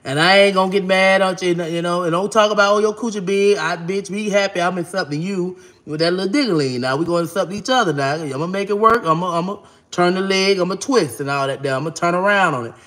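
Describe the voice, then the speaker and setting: A woman vlogging casually to camera, talking bluntly and brashly, cursing freely, with an animated, expressive delivery. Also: on the low side, fast.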